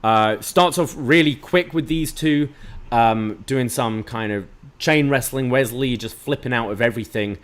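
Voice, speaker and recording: A man co-hosting a podcast, walking through a wrestling show move by move in a relaxed, chatty way. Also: mid-range voice, a little slow. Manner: play-by-play retelling with fillers. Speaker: podcast co-host. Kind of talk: casual wrestling recap.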